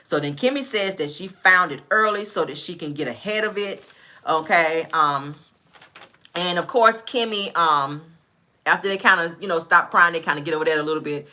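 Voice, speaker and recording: Low-voiced chatty woman recapping a show. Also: moderate pace, sharp tone. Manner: chatty storyteller, acts out quotes, says "all right?" often. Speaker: reality TV recap host. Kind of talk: casual episode recap.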